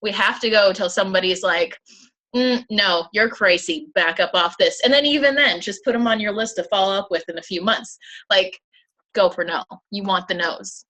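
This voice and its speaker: A young mother with a bright, sharp voice chats upbeat to her sales team. Her talk is casual and motivational, with quick stories from home. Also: medium pitch, poor audio. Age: young adult. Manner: upbeat, chatty, tells stories about her kids. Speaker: co-host of a sales team call.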